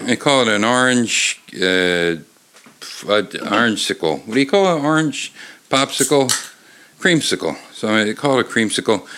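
A middle-aged man holds forth alone at a desk mic, his low voice bright and edgy in tone. He wanders from thought to thought, cutting himself off and swearing offhandedly, his pitch swinging widely as he goes. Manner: rambling, self-interrupting, swears casually. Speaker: show host. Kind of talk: casual rambling monologue. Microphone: desk microphone.

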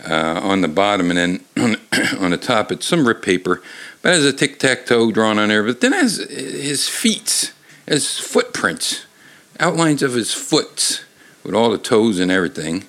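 Rambling, lively-voiced man hosting a solo show. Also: fairly low pitch, unhurried. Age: middle-aged. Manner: rambling, self-interrupting, swears casually. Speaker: show host. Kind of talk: casual rambling monologue. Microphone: desk microphone.

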